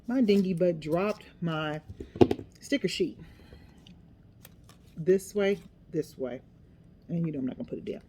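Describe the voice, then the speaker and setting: A woman's voice: on the low side, lively intonation, fairly quick, heavy background noise. A middle-aged woman chatting casually as she works on a craft project, rambling and poking fun at herself as she goes. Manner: chatty, self-deprecating, talks to herself while working. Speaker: craft vlogger.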